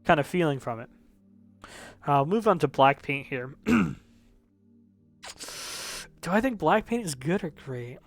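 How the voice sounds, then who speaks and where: Man, slightly high voice, music reviewer, casual rambling commentary, self-correcting. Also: animated, measured pace, gravelly, long pauses.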